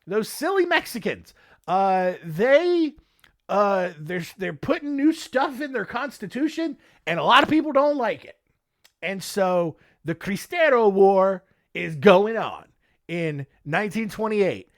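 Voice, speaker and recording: A man's voice: high voice, big pitch swings, slow. A man hosting a casual history podcast, jokey and rambling, with many filler words. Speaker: podcast host.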